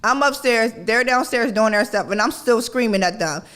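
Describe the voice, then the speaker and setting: A woman's voice: fairly high pitch, moderate pace. Conversational woman radio host. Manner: conversational, keeps asking "right?"; animated, acts out her own yelling. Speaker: podcast host. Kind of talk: casual talk-radio monologue.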